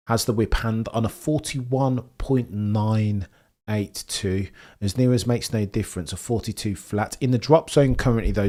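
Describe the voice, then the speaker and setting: A man casually commentating a race live, chatting to viewers and getting excited over lap times. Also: fairly low pitch. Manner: chatty, excitable, talks to chat by name.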